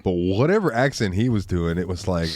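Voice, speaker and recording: Animated Southern man on a podcast. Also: deep voice, brisk, a little hiss or hum. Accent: American Southern. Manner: animated, acts out scenes in funny voices. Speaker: podcast co-host. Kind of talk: casual chat.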